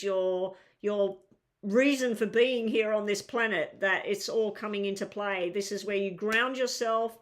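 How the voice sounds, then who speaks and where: A woman hosting a live tarot reading stream, talking in a chatty, reassuring way as she lays out cards. Her pitch sits in an ordinary middle range and she thinks aloud between readings. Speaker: tarot reader.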